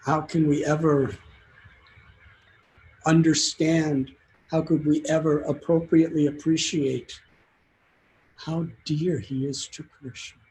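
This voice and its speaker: A man's voice: on the high side, flat delivery, slow pace, long pauses, darkish tone, a little hiss or hum, poor audio. A man telling a devotional story as a sermon, in an earnest and heartfelt way. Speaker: spiritual teacher giving a talk.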